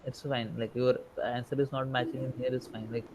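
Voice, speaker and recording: A man's voice: medium pitch, little pitch movement, a little fast, a crowd in the background. A male instructor giving an online revision lecture, asking himself rhetorical questions and tagging lines with "right?".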